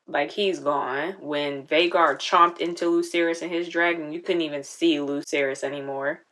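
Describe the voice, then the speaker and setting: A woman's voice: low-pitched, steady tone, normal speed, fairly bright tone, slight background noise. A woman hosting a casual reaction video, chatting and talking back at the screen.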